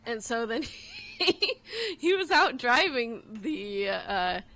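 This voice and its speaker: A woman's voice: fairly high pitch, wildly swooping pitch, slow pace, pushed and bright. A woman co-hosting a radio show in a studio, chatty and self-deprecating, giggling often. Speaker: radio co-host. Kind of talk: casual studio chat.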